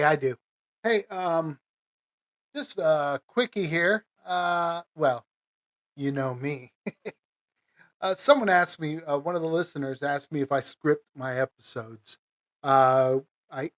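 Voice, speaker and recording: A man's voice: on the high side, takes it slowly. A man hosting his own podcast, talking casually and rambling with lots of fillers, restarts and little chuckles. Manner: chuckles between phrases. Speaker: podcast host. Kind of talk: casual solo podcast monologue.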